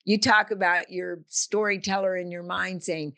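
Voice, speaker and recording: A woman's voice: lowish voice, fairly even intonation, moderate pace, creaky, sharp tone. An older woman, a coach and author, talking casually in an interview and telling stories with vivid analogies. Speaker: guest, business coach and author.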